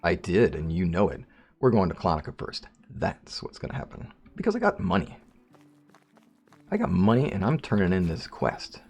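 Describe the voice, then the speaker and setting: A man's voice: low voice, animated, a little fast, darkish tone, faint music behind. A man casually commenting on his game, rambling and joking with viewers. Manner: rambling, jokey, talks to viewers. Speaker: let's play host.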